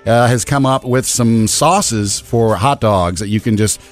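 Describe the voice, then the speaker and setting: A man's voice: medium pitch, a little slow, faint music behind. A man co-hosting a casual radio show, easygoing as he runs through light news items. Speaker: radio co-host. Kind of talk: casual morning radio chat.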